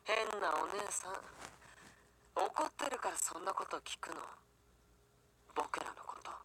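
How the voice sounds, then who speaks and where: Clingy young twin voiced by an actor, bright, animated, coaxing; game audio with faint hiss. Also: medium pitch, fairly quick, low-quality recording. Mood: hurt. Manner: lively, coaxing, sometimes whispered. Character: grown-up twin young man, clingy and playful. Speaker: game character voice. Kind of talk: Japanese game voice acting.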